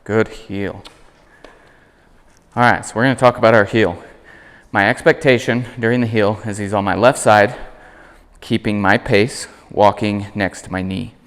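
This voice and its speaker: A man working as a dog trainer, calmly explaining commands while demonstrating them with his dog. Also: moderate pace, smooth, in a large hall. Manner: calm explaining, high praise voice for dog. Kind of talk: instructional demonstration.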